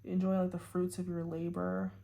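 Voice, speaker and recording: A woman's voice: on the low side, completely flat delivery, normal speed, gravelly, dark tone. A woman giving a casual tarot reading to her viewers, rambling and full of "like" and "you know". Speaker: tarot reader.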